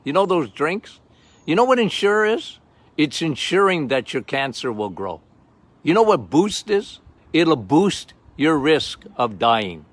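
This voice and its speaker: Older male doctor-host, loud and emphatic, slightly higher-pitched, off-the-cuff monologue. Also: very animated, a little slow, no room sound. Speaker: health podcast host, doctor. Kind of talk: casual monologue.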